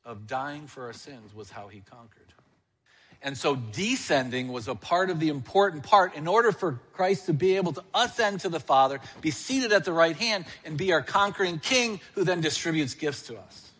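A man's voice: on the high side, expressive, moderate pace, a bit bright, big-room sound. Man preaching a question-led sermon. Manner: asks the congregation questions and answers them. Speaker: church elder preaching.

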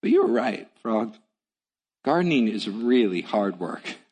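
A man reading aloud, voicing a tired male toad from a storybook in a low, weary voice. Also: big pitch swings, measured pace, a little mellow, slightly rough, exaggerated voice.

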